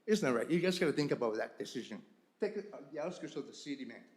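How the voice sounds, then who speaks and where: A man's voice: mid-range voice, expressive, fast talker. Emotional man pleading at a council meeting. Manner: emotional, informal, repeats himself. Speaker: resident speaking at council meeting. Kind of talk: public comment. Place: council chamber.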